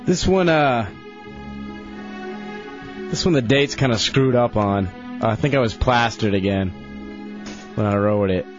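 A man's voice: mid-range voice, measured pace, long pauses. A young man on a radio show reading his old diary aloud in a sloppy, laughing, drunken-sounding way. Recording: dull lo-fi radio broadcast with faint music.

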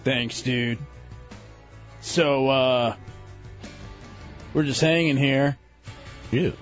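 A radio host playing an awkward young male ex-football player with a low bro drawl, in an improvised sketch. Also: extremely slow. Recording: lo-fi radio studio with faint music.

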